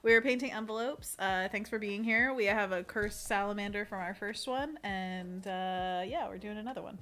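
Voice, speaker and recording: A woman's voice: mid-range voice, moderate pace, fairly bright tone. A young woman co-hosting an art livestream, chatting casually while she paints and laughing often. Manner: giggly and playful, laughs often.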